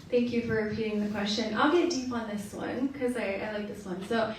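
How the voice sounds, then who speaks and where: A woman's voice: on the high side, slight background noise. A young woman with a Californian accent, raised speaking Chamorro, answering candidly as a panelist in an indoor theatre. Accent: Californian American. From Northern Mariana Islands. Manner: candid, reflective, quick with fillers. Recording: echoey theatre from far off.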